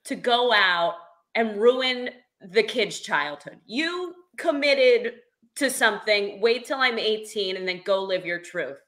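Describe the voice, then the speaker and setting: A woman's voice: mid-range voice, animated, slow pace, a bit bright. A young woman, a guest comedian, speaking in a dry, sarcastic way in a casual podcast conversation.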